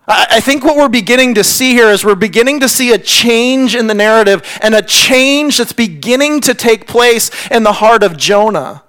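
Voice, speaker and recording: A man preaching a sermon as pastor, earnest, often repeating words as he stresses a point and sinking to a hush on key lines. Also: extremely high pitch, moderate pace, few pauses. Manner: drops to a hushed near-whisper on key lines.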